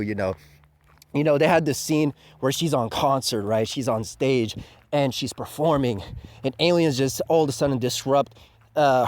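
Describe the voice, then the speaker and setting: A manga reviewer ranting casually, profane and scornful, tossing in "man" at nearly every turn. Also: medium pitch. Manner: profane, scornful, says 'man' constantly.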